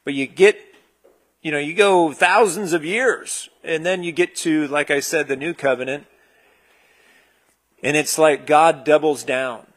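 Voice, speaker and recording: Male pastor, fairly high voice, casual sermon delivery full of uhs and restarts. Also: a little slow. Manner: relaxed, searching, with frequent fillers and restarts. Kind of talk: conversational sermon.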